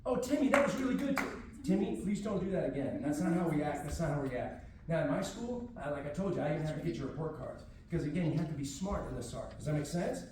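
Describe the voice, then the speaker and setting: A high-voiced man teaches a martial arts class in a firm, drill-like way. He is from Houston and commands the children with short orders. The sound is roomy and distant, as if picked up by a far-off camera in a large echoing room. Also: animated, fast talker, noisy background. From Houston, Texas. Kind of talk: teaching a class to kids and parents. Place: library room, echoey.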